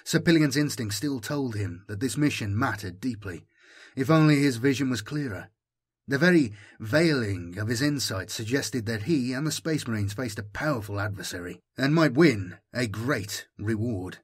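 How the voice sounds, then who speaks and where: A man narrating a science-fiction audiobook in a steady, even storytelling manner. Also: mid-range voice, moderate pace, breathy edge.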